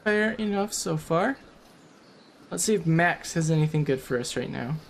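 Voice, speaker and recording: A man talks through a survival game in a relaxed, rambling way, joking at his own expense. His voice sits a bit high for a man, with a faint hiss of noise behind it. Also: moderate pace, vocal fry. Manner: chatty, self-deprecating, rambling. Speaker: game commentator. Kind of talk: casual gameplay commentary.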